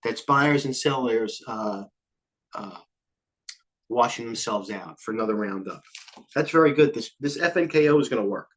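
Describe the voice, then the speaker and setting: Breathless, fast-talking trading host. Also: male voice, medium pitch, a bit bright. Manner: rapid, scattered, jumps between tickers. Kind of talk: live market commentary.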